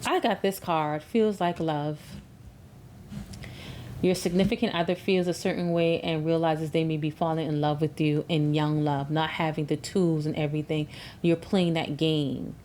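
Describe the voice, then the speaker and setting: A woman's voice: low voice, steady tone, moderate pace, darkish tone, slight background noise. A woman giving a tarot love reading in an emphatic, preachy way, repeating words for stress. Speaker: tarot reader.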